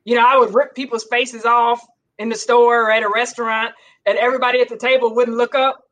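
Candid high-voiced woman guest. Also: level tone, fairly quick, a bit bright. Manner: candid, self-mocking, laughs often. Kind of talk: casual conversational interview.

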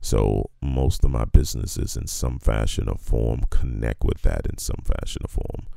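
A man with a very deep bass voice, telling his story in a laid-back, colloquial, motivational way as a guest. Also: animated, normal speed, gravelly, dark tone, no echo, studio quality, faint music behind.

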